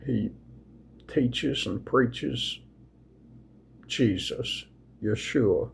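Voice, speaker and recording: A man, sleepy and folksy, chatting casually and reading scripture aloud in a slow, rambling way. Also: medium pitch, vocal fry, slight background noise. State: sleepy, yawning. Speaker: video host sharing scripture. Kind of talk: casual devotional talk and Bible reading.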